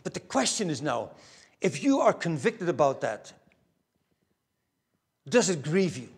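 A man preaching from a church pulpit, his voice set a little high and his delivery slow and deliberate. He presses key words with force, then drops to a hushed near-whisper. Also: very animated, husky. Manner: earnest, swings from raised emphasis to hushed near-whispers. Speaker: pastor. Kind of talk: sermon.

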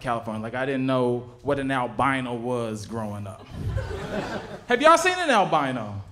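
A man's voice: a little high, background noise. A man, doing a stand-up comedy set with stammering, laid-back storytelling. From southern United States. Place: comedy stage before a live audience.

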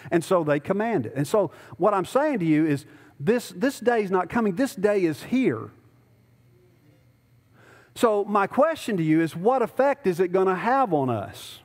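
A man preaches from the pulpit, moving from easy conversational explanation to urgent, emphatic pleading. His voice sits fairly high for a man. The sanctuary around him rings with a long reverb. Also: big pitch swings, normal speed. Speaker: pastor. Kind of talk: sermon. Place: church sanctuary.

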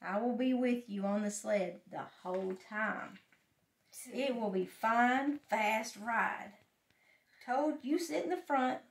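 An older woman voicing a cheerful, eager little male frog in a storybook, in a high bouncy voice. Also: slow pace. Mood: reassuring. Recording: roomy echo, mic at a distance.

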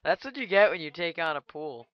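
A man giving casual gameplay commentary, joking crudely and trash-talking with sudden excited outbursts. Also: a little high, fairly quick, no echo, lo-fi sound. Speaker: gaming channel host.

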